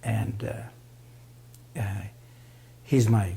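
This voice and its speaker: A man telling a story in a casual spoken way. He gets animated, acts out the voices of the people he quotes, and laughs often. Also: on the low side, drawn-out words, vocal fry, a little hiss or hum. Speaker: storyteller guest.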